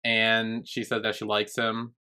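A man's voice: lowish voice, completely flat delivery, a little slow, pushed and bright, smooth. A man co-hosting a podcast, retelling a TV episode in a casual chat with lots of "like" fillers and restarts. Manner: rambling, filler-heavy retelling. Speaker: podcast co-host.

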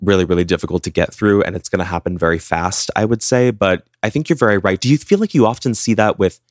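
A man's voice: deep voice, fast talker, no echo, studio quality. A man co-hosting a podcast, retelling a true-crime case in a casual, chatty way with frequent "like" fillers. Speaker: podcast co-host.

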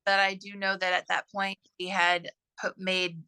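A woman answering interview questions about her missing brother, hesitant and halting with many fillers. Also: mid-range voice, flat delivery, bright, forceful tone, smooth, rough recording. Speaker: interviewee, sibling of a missing man. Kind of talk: recorded interview.

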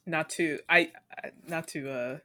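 A woman's voice: low voice, measured pace, bright, forceful tone. A woman chatting casually as a podcast co-host, reacting supportively and often giggling. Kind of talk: casual chat.

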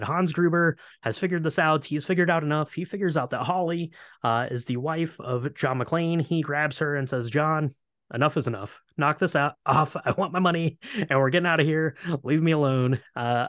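A man's voice: fairly high pitch, a bit bright, no echo, clean studio sound. A man co-hosting a casual chat, retelling a film's plot in a rambling way with lots of fillers. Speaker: podcast co-host. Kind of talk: casual movie recap chat.

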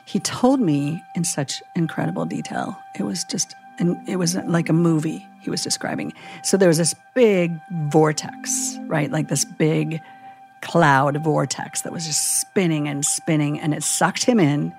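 A woman chaplain telling a vivid story in a casual podcast chat, animated and full of "like" and "you know". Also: low voice, unhurried, creaky, faint music behind.

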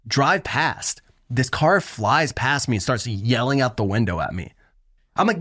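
A man's voice: unhurried, no echo, studio quality. A man co-hosting a casual sports podcast, telling stories with growing animation. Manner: animated storyteller, rising pitch when worked up. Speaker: podcast co-host.

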